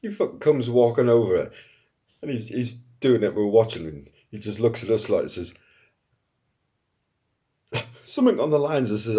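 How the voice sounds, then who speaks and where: A man telling a casual anecdote in an animated way, swearing often and acting out quotes. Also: mid-range voice, normal speed, pauses often. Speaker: storyteller.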